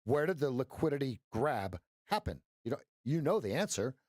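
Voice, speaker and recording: A man's voice: mid-range voice, very animated, normal speed, darkish tone, dry recording, clean studio sound. A man coaching viewers through trades on a live stream, playful and jokey, breaking into sound effects. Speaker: trading coach. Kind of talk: live-stream trading commentary.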